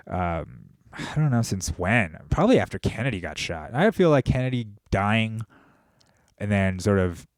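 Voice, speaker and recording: A man with a low-pitched voice hosts his own show in a loose, profane, rambling monologue that keeps swinging between mutters and outbursts. The sound is dry and close, with no room around it. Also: no room sound. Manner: profane, rambling, animated rant. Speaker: podcast host. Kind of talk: casual monologue.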